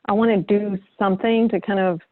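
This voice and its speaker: A woman student asking her teacher a question hesitantly, with many pauses and ums. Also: medium pitch, fairly even intonation, dry recording, narrow, tinny audio.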